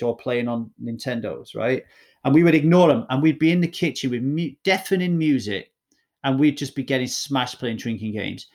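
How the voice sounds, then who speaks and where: A middle-aged man with a medium-pitched, darkish voice tells a candid personal story as a guest. He speaks bluntly and emphatically, swearing and frequently restarting.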